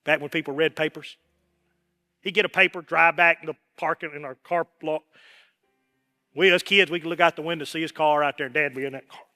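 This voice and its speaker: A middle-aged man preaching a sermon as pastor, animated, acting out voices and quotes as he goes. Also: fairly high pitch, quick pace, soft background music. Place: worship hall.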